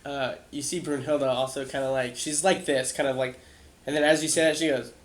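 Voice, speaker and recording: A man running a tabletop game as game master, narrating casually with halting fillers. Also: medium pitch, little pitch movement. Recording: echoey room sound.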